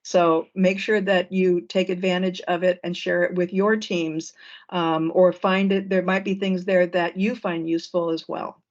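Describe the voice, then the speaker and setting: A woman presenting an online training session, relaxed and with frequent fillers, heard over a video call. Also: lowish voice, measured pace. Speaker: workshop presenter. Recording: dull lo-fi call audio.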